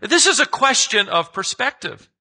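A man preaching with a high, lively voice that swings widely in pitch. His tone is very bright, with a husky edge. He speaks emphatically and keeps asking his listeners rhetorical questions. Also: normal speed, rough recording. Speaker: pastor. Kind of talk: sermon.

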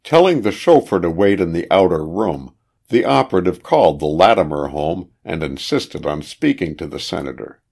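Deep gravelly male audiobook narrator. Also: big pitch swings, a little mellow. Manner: measured, gives characters raised voices in dialogue. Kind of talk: scripted narration of a period detective novel.

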